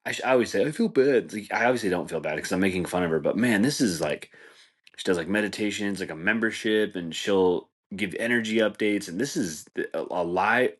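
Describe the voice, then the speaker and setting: A man's voice: sits low, fairly quick, fairly bright tone. A man hosting a podcast, rambling through a casual comedic monologue and laughing at his own jokes. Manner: rambling, laid-back, says "dude" and "like" a lot, laughs at his own jokes. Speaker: podcast host.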